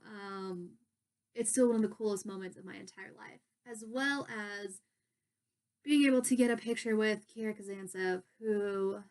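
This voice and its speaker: A young woman, a pageant contestant, telling stories in a casual vlog from her bedroom, bubbly and gushing. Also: mid-range voice. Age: young adult.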